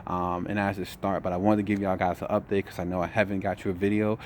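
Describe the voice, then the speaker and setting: A tired young man telling a story in a casual vlog update, relaxed, saying "man" a lot. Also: low-pitched, quick pace, a little hiss or hum. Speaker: trucking vlogger.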